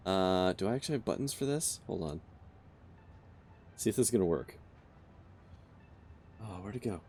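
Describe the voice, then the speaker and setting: A man's voice: low voice, lively intonation, moderate pace, a little mellow, a little hiss or hum. A man hosting a casual game stream, joking and swearing as he thinks aloud. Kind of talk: casual gameplay chat.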